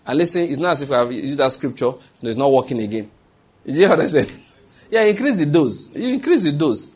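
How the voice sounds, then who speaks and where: A man's voice: fairly high pitch, very animated, fairly quick, a little mellow, slightly rough. A man preaching a sermon, asking rhetorical questions and answering them himself with emphatic repetition.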